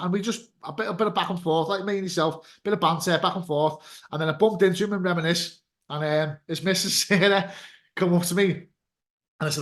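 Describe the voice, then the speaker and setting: A man's voice: high-pitched, fast, a bit bright. A man hosting a casual podcast, a chatty storyteller who swears freely and acts out quotes. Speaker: podcast host and DJ.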